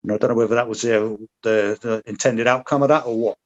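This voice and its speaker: A man talking in a frank, rambling way, swearing freely as he tells his story. His voice sits at an everyday middle pitch. The recording sounds a little muffled and dull. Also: steady tone, fast. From Britain. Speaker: podcast guest, former paratrooper. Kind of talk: casual interview chat.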